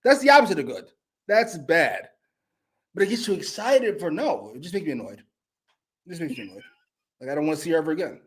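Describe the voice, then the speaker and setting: Brief: male co-host, profane live review rants, jumps between mutters and yelling, very animated pitch. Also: fast, long pauses, breathy edge. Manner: loud, swings from mutters to shouted rants. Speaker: wrestling show co-host.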